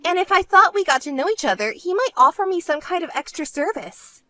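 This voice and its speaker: A woman voicing a vain, self-centered young woman who talks in a smug, whiny way and turns shrill when angry, in an animated story. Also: brisk, dry recording, exaggerated voice. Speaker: bride-to-be sister.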